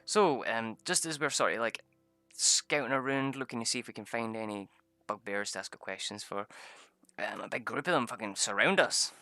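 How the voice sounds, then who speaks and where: A young man tells a tabletop game story in a loose, chatty way, swearing freely and laughing often. His voice is bright and forceful and often leaps up high when he gets excited. It sounds dry and close, with no room echo. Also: normal speed, faint music behind. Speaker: vlogger recapping a tabletop game session. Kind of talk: casual storytelling.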